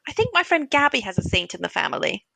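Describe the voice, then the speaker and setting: A woman's voice: a little high, sing-song, quick pace, vocal fry, bright, forceful tone. A woman chatting casually in a film club discussion, making dry joking asides.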